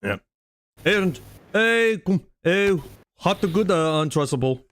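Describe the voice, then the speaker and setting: A man's voice: sits high, expressive, slow pace, fairly bright tone. Rambling male streamer grumbling. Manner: rambling, restarts, grumbles at updates. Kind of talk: casual chat while gaming.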